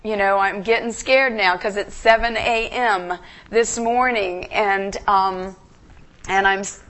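A woman guest preacher giving an emotional, earnest sermon in a church, halting and restarting as she speaks. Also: mid-range voice, fairly even intonation, a bit bright.

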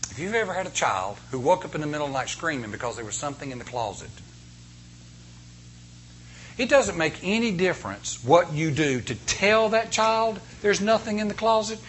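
A man preaching a sermon to a congregation, telling a story with animated, emphatic delivery that swells to loud peaks. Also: on the high side, a little hiss or hum.

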